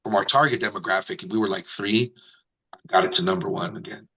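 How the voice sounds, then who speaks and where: A middle-aged man, a radio personality, telling his story in a casual interview and acting out the people he quotes with sudden jumps in pitch. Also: fairly quick, bright, forceful tone, breathy edge, dull audio.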